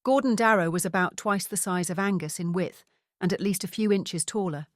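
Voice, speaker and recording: A woman reading a mystery novel aloud in a steady, even narration. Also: fairly low pitch, fairly quick, dry recording, clean studio sound. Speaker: audiobook narrator. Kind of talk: scripted narration.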